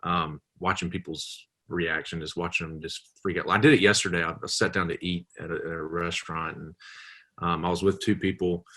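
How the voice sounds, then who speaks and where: A man's voice: low voice, steady tone, fairly quick, sharp tone. A man with a Southern accent, chatting as a podcast guest and telling stories with lots of fillers. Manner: chatty storyteller, many fillers. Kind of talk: casual chat.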